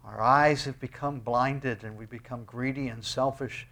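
In a sermon, this pastor reads scripture and closes with a prayer, oscillating between loud, high-pitched outbursts and hushed, low asides. His tone is steady and his pace a little slow.

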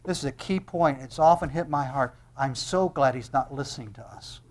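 A man preaching a sermon, swinging between loud emphatic declarations and hushed tender lines, often asking rhetorical questions. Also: medium pitch, moderate pace. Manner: asks the audience rhetorical questions.

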